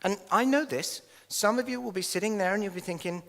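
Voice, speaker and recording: An English man preaching a sermon as minister, animated and jokey, telling stories with laughs and acted asides. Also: high voice, a little fast, creaky, big-room sound. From England. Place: church hall.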